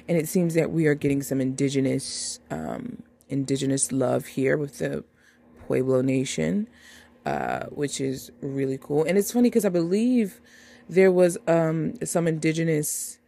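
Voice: mid-range voice, gravelly, a little mellow. A podcast host in casual chat, reading out upcoming movie announcements with wry, dramatic asides and addressing listeners as y'all.

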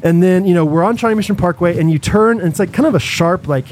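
A young man, co-hosting a podcast, telling a long story in a rambling, animated way full of fillers and restarts. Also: sits high, fast talker, a little hiss or hum. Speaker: podcast co-host. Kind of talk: casual storytelling chat.

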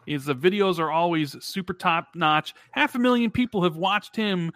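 A man's voice: sits high, moderate pace, a bit bright, no room sound. A man bantering playfully on a live gaming show, hyping up the host. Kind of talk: casual live-stream chat.

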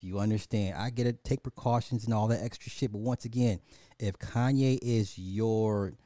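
A man's voice: fairly low pitch, normal speed, warm tone, dry recording. A man hosting a casual livestream, ranting profanely and animatedly, laughing and talking to his chat. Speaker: livestream host.

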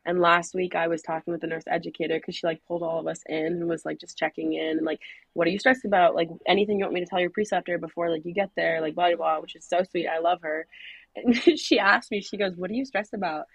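A woman's voice: lowish voice, fairly even intonation, fast talker, creaky, breathy edge, no room sound, poor audio. A young woman, a newly graduated nurse, talking casually on a podcast, laughing often and using "like" a lot. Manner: chatty, laughs often, lots of "like". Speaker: guest, new grad nurse.

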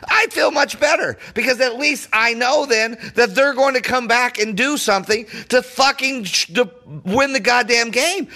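A man hosting a podcast, ranting furiously as a sports fan, profane and often shouting, his voice rising high when angry. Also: moderate pace, few pauses. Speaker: podcast host.

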